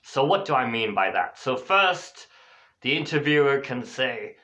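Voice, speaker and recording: A man teaching an English class in a lively, chatty way, explaining a role-play exercise and voicing the example phrases at a higher pitch. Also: measured pace. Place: lives in Spain. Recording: dull lo-fi recording.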